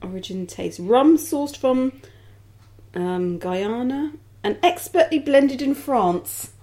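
A woman from England co-hosting a casual podcast, easygoing and dry, slowing down when reading aloud. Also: high voice, animated, dark tone. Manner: easygoing, dry, reads labels aloud slowly. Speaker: podcast co-host. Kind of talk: casual chat.

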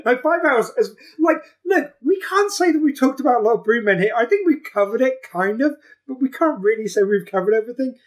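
Podcast host, casual chat, laughs a lot, swears, middle pitch. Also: animated, fairly quick.

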